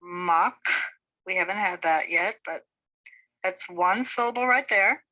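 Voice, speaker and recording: A woman's voice: medium pitch, normal speed, bright, forceful tone, lo-fi sound. A woman teaching a beginners' language class, patiently sounding out words syllable by syllable. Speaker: Hebrew teacher. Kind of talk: slow spoken language lesson.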